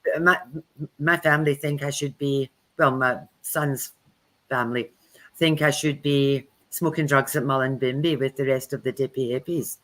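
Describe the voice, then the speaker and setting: A woman's voice: extremely low pitch, steady tone, moderate pace, fairly bright tone. A woman co-hosting a live spiritual chat, telling chatty anecdotes and acting out the quoted speech. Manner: chatty storyteller who acts out quoted speech. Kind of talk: casual live-stream talk.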